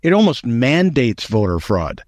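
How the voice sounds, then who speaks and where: A man's voice: medium pitch, sing-song, measured pace, darkish tone, dry recording, studio quality. A man co-hosting a casual political talk show, emphatic and opinionated, often restarting his sentences. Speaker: co-host.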